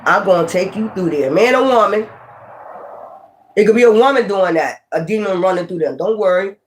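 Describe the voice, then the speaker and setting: A high-pitched man reads tarot in a loose, conversational way. He preaches and swears, circling back to the same phrases again and again. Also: lively intonation, normal speed, slight background noise. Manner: preachy, profane, repeats catchphrases. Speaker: tarot reader. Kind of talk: casual spoken tarot reading.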